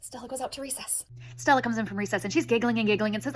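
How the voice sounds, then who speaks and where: Fast, high-voiced storytelling mom. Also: female voice. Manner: lively, dramatic, wry comic timing. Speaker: stay-at-home mom telling a story. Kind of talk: animated storytelling vlog.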